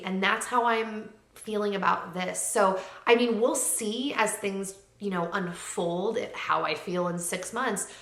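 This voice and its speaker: A woman's voice: medium pitch, bright, forceful tone, reverberant. A young woman talking casually to camera at home in a heartfelt, chatty way, full of likes and ums. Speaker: lifestyle vlogger. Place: home room with hard floors. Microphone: camera mic.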